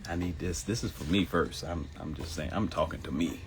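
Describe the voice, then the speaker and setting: A man in his fifties hosts a live morning show, delivering a motivational monologue that repeats phrases and leaps into high mock voices for quotes. He speaks briskly over background noise.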